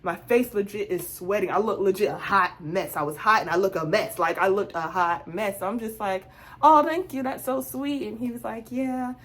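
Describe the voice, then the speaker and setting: A young woman vlogger telling a casual storytime, animated and acting out both sides of her conversations. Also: mid-range voice, a little fast, few pauses, slightly rough.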